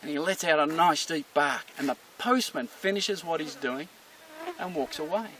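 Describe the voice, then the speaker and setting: A man, a dog trainer explaining a behaviour problem through an animated story. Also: a little high, moderate pace, far from the mic, noisy background.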